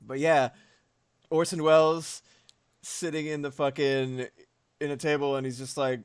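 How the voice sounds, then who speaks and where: A man's voice: fairly high pitch, unhurried, smooth, dry recording, studio quality. A young man chatting casually on a livestream while he draws, rambling and swearing with lots of fillers. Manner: animated, profane, rambling with many fillers. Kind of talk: casual chat while drawing.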